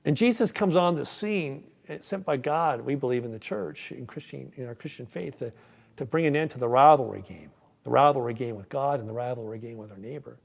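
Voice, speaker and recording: Male pastor, gravelly and conversational, warm sermon delivery. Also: medium pitch, fairly quick. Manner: conversational, repeats words when starting sentences. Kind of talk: sermon with a joke.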